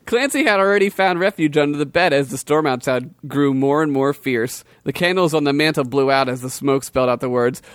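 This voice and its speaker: A man's voice: a little high, fairly quick, few pauses, clean tone, dry recording. A man reading a crude comic story aloud as a podcast host, often breaking into giggles.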